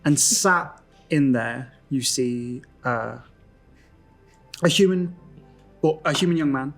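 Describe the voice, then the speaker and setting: A man running a tabletop game as game master, narrating scenes in a loose, casual way. He pads his descriptions with fillers, and his voice sits at a middling pitch. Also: slow, faint music behind.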